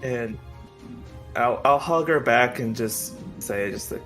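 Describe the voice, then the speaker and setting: A man playing a tabletop game, speaking softly and apologetically in character. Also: mid-range voice, slow pace, faint music behind. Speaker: player.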